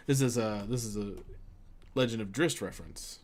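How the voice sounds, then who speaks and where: A man's voice: on the low side, normal speed. A man streaming a video game, chatting casually, rambling and laughing often. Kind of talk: casual gaming stream commentary.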